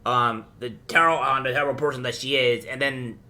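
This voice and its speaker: A man's voice: mid-range voice, fairly even intonation, brisk, pushed and bright. A male host giving reaction commentary on a clip, rambling with many fillers and false starts. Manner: rambling, lots of fillers and restarts.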